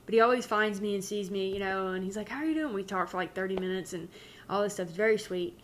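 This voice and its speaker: A woman's voice: mid-range voice, quick pace, slight background noise. A woman talking casually and candidly as a spiritual channeler, rambling and breaking off her own sentences. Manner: candid, rambling, self-interrupting.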